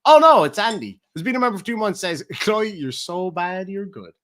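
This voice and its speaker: A man's voice: sits high, a little fast, slight background noise. An Irish man casually reading out donation messages on a livestream, swearing freely and joking around. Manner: profane, jokey and excitable.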